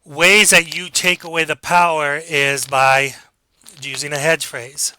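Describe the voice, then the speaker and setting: Guy teacher giving a lecture, kinda high voice, super bright and sharp sound, chatty, does little voices for examples. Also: fairly even intonation, measured pace, smooth, dry recording, rough recording. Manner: conversational, acts out quoted examples. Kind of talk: recorded online lecture.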